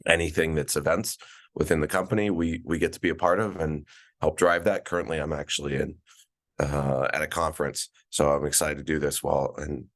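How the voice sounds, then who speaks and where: A man in his forties, a guest on an interview podcast, telling stories in a relaxed, casual way with plenty of fillers and restarts, calling in from a conference. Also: extremely low pitch. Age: 40s. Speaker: guest, events director. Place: at a conference, remote call.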